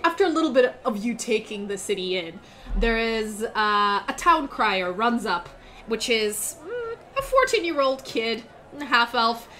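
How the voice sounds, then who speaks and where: A woman's voice: a little high, bright, forceful tone, a little hiss or hum. A woman narrating as game master of a tabletop role-playing game, chatty with many fillers.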